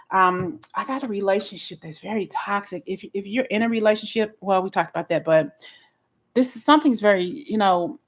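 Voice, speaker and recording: A woman giving a live tarot reading in a blunt, expressive way, often restarting her sentences. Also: fairly low pitch, a little hiss or hum, rough recording. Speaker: tarot reader.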